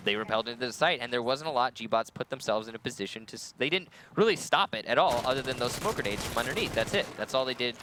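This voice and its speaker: A man's voice: mid-range voice, expressive, fast, hardly any pauses, pushed and bright, slight background noise. A man casting a competitive shooter match, breaking down plays in a chatty, analytical way. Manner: analytical, chatty, laughs easily. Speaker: esports caster. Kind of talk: play-by-play commentary.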